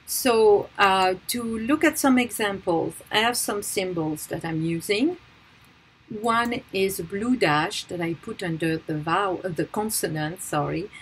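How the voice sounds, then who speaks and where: A woman's voice: medium pitch, unhurried, husky, low-quality recording. A woman teaching a French pronunciation tutorial, patiently repeating each example word.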